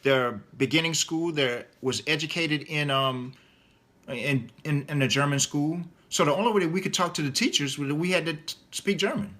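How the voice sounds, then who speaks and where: Middle-aged guy, author, chatty and rambly, lots of ums, bright forceful voice. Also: a little high, normal speed. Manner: rambling, many fillers and restarts. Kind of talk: casual interview answers.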